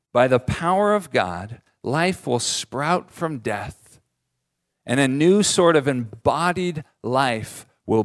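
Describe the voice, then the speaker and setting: A man in his thirties, a pastor giving a sermon in a relaxed, joking, conversational way. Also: medium pitch.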